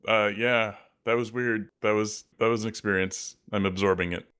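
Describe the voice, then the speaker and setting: A man's voice: fairly low pitch, fairly even intonation, moderate pace, a bit bright, clear, resonant tone. A man playing a tabletop game, joking and self-mocking in casual banter. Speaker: player.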